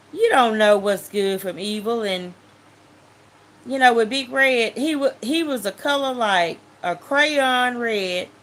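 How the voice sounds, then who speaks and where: Woman giving a spoken testimony, lively and vivid, playing out the voices in her story. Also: a little high. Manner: animated storytelling, acts out voices and sounds. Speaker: testimony speaker.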